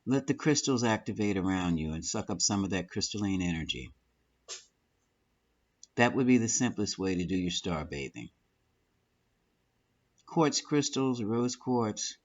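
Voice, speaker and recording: A man's voice: fairly low pitch, lively intonation, a little slow, pauses often, muffled recording. A man giving a tarot reading, effusive and affectionate, calling the listener honey and my love. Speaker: tarot reader.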